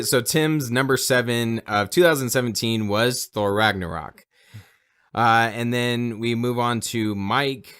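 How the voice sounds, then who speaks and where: A man's voice: lowish voice, a bit bright, clear, resonant tone. A man co-hosting a casual podcast, laid-back and giggly as he reads out a list of rankings. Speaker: podcast co-host.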